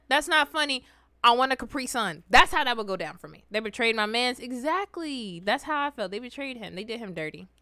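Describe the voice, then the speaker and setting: A young adult woman hosting a reaction video, telling stories in an animated, slangy, exclamatory way. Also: fairly high pitch, brisk, few pauses, no room sound, clean studio sound. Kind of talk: casual reaction commentary and storytelling.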